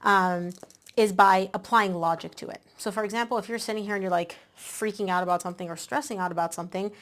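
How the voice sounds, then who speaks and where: Woman tarot reader, medium pitch, breezy and talkative, slightly winded. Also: quick pace. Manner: chatty, animated, with many "like" and "um" fillers. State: a bit out of breath. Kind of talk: casual tarot reading to camera.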